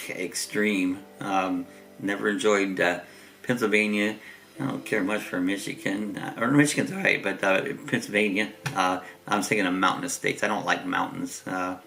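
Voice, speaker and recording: A man's voice: on the low side, gravelly, a bit bright, poor audio. A middle-aged man from Ohio with a Southern Ohio accent, hosting a rambling, easygoing casual chat while congested from a chest cold. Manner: rambling, easygoing, chuckles often. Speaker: host.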